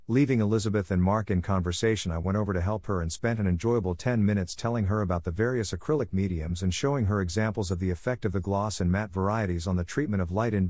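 A man with a low voice reads a first-person mystery in a measured, even way. The recording is dry and close, with no room sound at all. He paces his reading steadily. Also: no room sound. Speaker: narrator.

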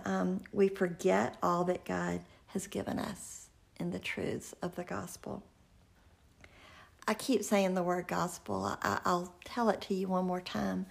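Woman, gravelly and husky, earnest devotional teacher who drops to whispers. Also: medium pitch. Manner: earnest, slips into soft whispers. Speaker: Christian speaker.

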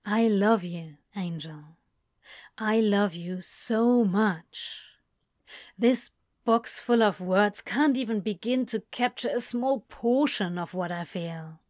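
A woman voicing a devoted, lovestruck male demon who declares his love slowly and earnestly, in a fan fiction reading. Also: medium pitch, a little mellow, no room sound, studio quality, lightly acted. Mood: earnest, loving. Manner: slow, earnest, heartfelt declaring. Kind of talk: fan fiction read aloud.

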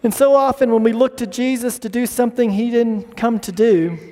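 A man's voice: very high voice, fairly even intonation, fairly quick, warm tone. A man preaching a sermon to his church, impassioned, sometimes acting out people pleading in prayer. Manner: impassioned, acts out pleading voices. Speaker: pastor. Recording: reverberant hall.

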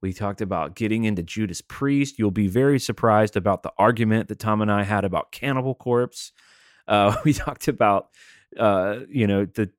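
Low-voiced relaxed male podcast host. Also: no echo, clean studio sound. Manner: relaxed, rambling with fillers. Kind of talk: casual podcast chat.

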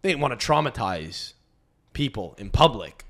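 Brief: comedian podcast host, animated riffing, mid-range voice. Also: male voice, mid-range voice, normal speed, gravelly. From Canada. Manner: animated riffing with frequent restarts. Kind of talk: casual podcast monologue.

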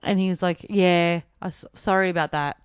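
A woman, co-hosting a podcast, telling a story in a lively way, acting out what others said and swearing freely. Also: lowish voice, moderate pace, clean tone, no room sound, studio quality. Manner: animated storytelling, acts out quotes, swears freely. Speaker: podcast co-host. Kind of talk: casual chat.

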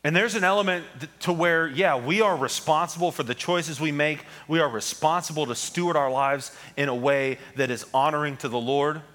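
A man's voice: fairly high pitch, normal speed, hardly any pauses, a bit bright. Man preaching in a reverberant hall. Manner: conversational preaching with fillers and asides. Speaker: pastor. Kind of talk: sermon.

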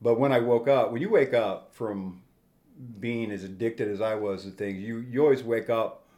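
A man's voice: mid-range voice, normal speed, warm tone. Plainspoken man telling his story. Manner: plainspoken, rambling with restarts and quoted dialogue. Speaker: guest. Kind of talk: personal testimony storytelling.

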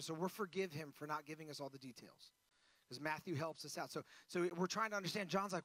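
A man preaching a sermon as pastor, swinging between loud emphasis and hushed, intense passages. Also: a little high, fast, no room sound.

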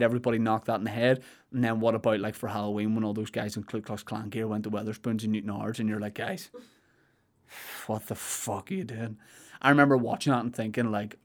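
A young man with a Northern Irish accent talks casually on a podcast. He tells rambling, jokey stories and drops in deadpan asides. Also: on the low side. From Northern Ireland. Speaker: podcast co-host.

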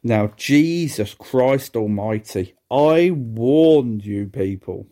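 Male solo podcast host, relaxed and slow, wry and exasperated. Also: medium pitch. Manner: sardonic, exasperated, laughs at the awful match. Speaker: wrestling review podcast host. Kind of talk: casual solo review commentary.

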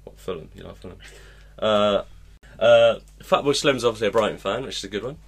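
A man co-hosting a casual podcast chat, making joking deadpan asides. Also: lowish voice, brisk, husky. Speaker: podcast co-host.

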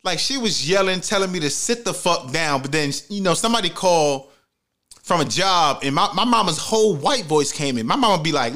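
A man's voice: a little high, animated, fairly quick, bright, forceful tone. A man hosting a comedic commentary vlog, ranting with heavy profanity and mock outrage. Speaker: commentary host.

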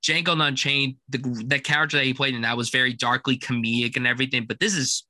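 A young man with a bright, forward voice chats eagerly about a favorite film. His delivery is dry and close, with no room sound. He talks in quick, excited bursts. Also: medium pitch, no echo. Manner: enthusiastic, quotes lines in loud put-on voices. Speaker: film podcast co-host. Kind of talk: casual film review chat.

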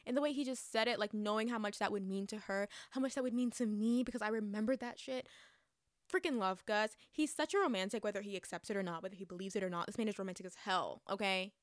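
Gushing young woman with a smooth voice. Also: medium pitch, fast talker, dry recording, studio quality. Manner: gushing, chatty, many fillers and restarts. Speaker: book reviewer. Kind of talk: casual book review chat.

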